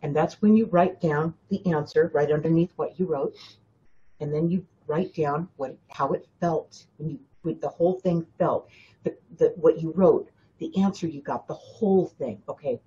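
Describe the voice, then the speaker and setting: A woman's voice: low-pitched, normal speed, warm tone, highs cut off. A woman hosting a spiritual coaching talk, speaking emphatically to her listeners, often repeating herself and addressing them directly. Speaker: spiritual teacher and host.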